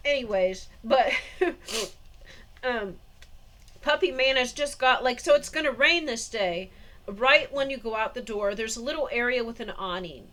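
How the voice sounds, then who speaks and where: A woman with a noticeably high voice talks straight to camera in a loose, casual monologue. She rambles and circles back, retelling the same moments and laughing as she goes. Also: measured pace, pushed and bright, slight background noise. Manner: rambling, meandering, laughs often. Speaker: vlogger.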